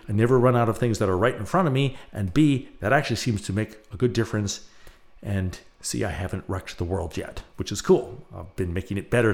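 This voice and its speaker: A middle-aged man hosting a podcast, telling a personal story in a rambling, self-mocking way with many fillers. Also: fairly low pitch. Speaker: podcast host.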